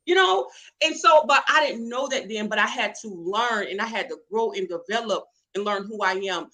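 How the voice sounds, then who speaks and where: Bright, emphatic woman. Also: medium pitch, animated, normal speed, low-quality recording. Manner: emphatic, preacherly, calls out to listeners. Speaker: interview guest, catering business owner. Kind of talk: testimony-style storytelling.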